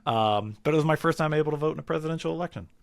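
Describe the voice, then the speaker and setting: A man's voice: fairly high pitch, racing, gravelly, no room sound, clean studio sound. Easygoing man on a comedy podcast. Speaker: podcast co-host. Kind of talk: casual chat.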